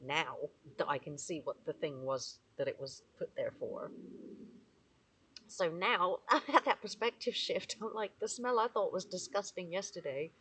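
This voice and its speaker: A woman's voice: fairly low pitch, normal speed, a bit bright, a little hiss or hum. Teary woman talking to her phone outside under the trees, gushy and emotional, keeps laughing. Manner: emotional, effusive, laughing often, bursts into singing. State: tearful. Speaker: vlogger. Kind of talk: casual spoken reflection. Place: outdoors among trees in the morning.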